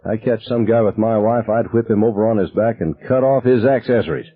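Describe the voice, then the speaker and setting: A drunk, menacing middle-aged father brags by a campfire, as a man reads him aloud. His low, husky voice slurs, and it comes through a narrow, phone-like line that is dry and close. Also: brisk, no room sound. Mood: boasting. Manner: slurred, boastful, turns cold and quiet.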